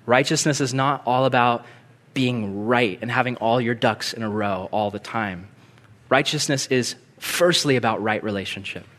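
A man preaching a sermon as pastor, earnest and conversational, swelling to emphasis and dropping to a hush in prayer. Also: medium pitch, normal speed.

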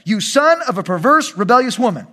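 Preacher guy doing an angry raging king, loud and shouty, high voice. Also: sing-song, a little fast, full character voice. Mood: furious. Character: furious king raging at his son.

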